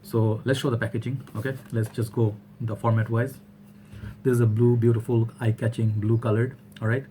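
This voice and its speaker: A man's voice: medium pitch, level tone, normal speed, mellow, a little hiss or hum. A man from Bangladesh, chatting loosely through a product review and often checking in with "all right?". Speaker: fragrance reviewer. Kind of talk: casual product review vlog.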